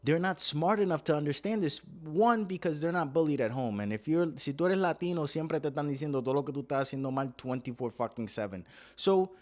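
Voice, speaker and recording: A man's voice: fairly high pitch, fast, no echo. Profane Puerto Rican man ranting. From Puerto Rico. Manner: profane, switches between English and Spanish. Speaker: podcast host. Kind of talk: comedic rant monologue.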